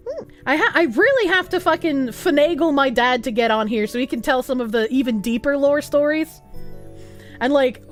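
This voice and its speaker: A young woman livestreamer in casual chat, reading viewer messages aloud, laughing often and swearing freely. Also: high voice.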